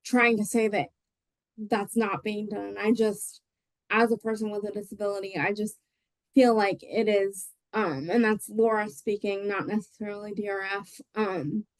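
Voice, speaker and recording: A woman's voice: medium pitch, steady tone, moderate pace, no room sound, poor audio. A woman giving a casual webinar presentation, rambling with lots of fillers and restarts. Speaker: presenter on voting rights.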